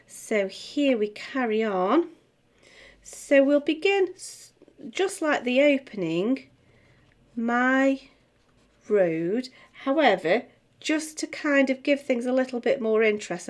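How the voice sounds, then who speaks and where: A middle-aged woman teaching music theory, chatting as she writes and sounding out words slowly. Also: sits high. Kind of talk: tutorial, talking while writing.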